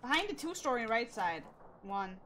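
A woman with a Swedish accent chatting excitably while streaming a battle royale game, laughing and swearing. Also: a little high, normal speed, background noise. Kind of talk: casual gaming chat.

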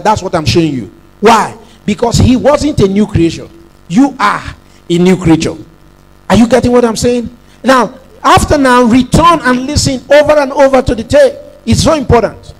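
A man's voice: high-pitched, low-quality recording. A man preaching a sermon as pastor, emphatic, repeating phrases and prompting the congregation to say lines back.

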